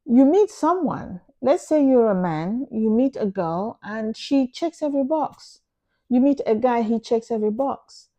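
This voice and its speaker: Earnest woman with a warm, mellow voice. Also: a little high, expressive, unhurried. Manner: earnest, emphatic, repeats phrases for stress. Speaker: vlogger. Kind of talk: casual advice talk to camera.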